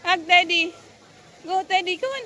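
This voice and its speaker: A woman's voice: very high voice, moderate pace, bright, forceful tone. A woman filming a casual family vlog, coaxing a small child and chatting with her husband, laughing often. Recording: crowded noisy public space.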